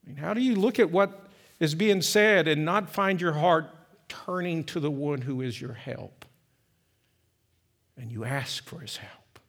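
Male pastor, high-pitched voice, impassioned sermon, loud peaks and hushed drops. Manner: impassioned, rising to loud emphatic peaks then dropping soft and slow.

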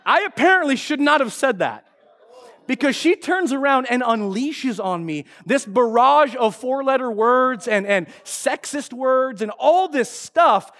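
Middle-aged pastor, man with a very high voice, playful and animated, good for a sermon opener. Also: a little slow. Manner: animated, joking storyteller.

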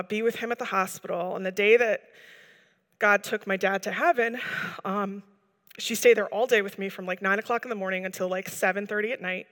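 A woman's voice: medium pitch, fairly bright tone, long reverb tail. A woman giving a personal testimony to a gathering, telling her story earnestly and rambling with many fillers. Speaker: church member giving a testimony.

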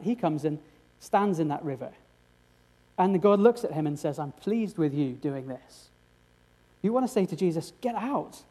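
Earnest male preacher, mellow voice. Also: a little high. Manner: earnest, with rhetorical questions to the congregation. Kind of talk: sermon.

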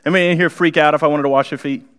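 A man preaching a conversational sermon in a church, animated and acting out the people in the story. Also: fairly high pitch, racing, smooth. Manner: animated, conversational, acts out the characters. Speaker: pastor. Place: church sanctuary.

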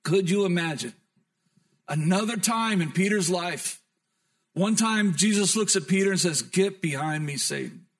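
A man pastor preaching a sermon, moving between emphatic storytelling and soft, reflective tones. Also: high voice, moderate pace.

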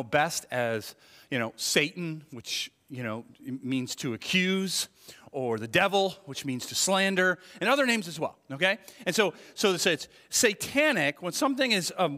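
A man's voice: high-pitched, pushed and bright. A man preaching a sermon as pastor, talking in a conversational way and acting out the voices he quotes. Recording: long hall reverb.

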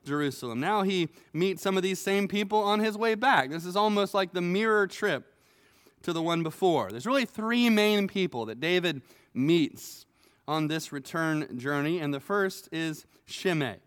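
A male pastor preaching a sermon with earnest, animated storytelling and occasional stammered restarts. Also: high voice, moderate pace, clear, resonant tone. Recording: long hall reverb.

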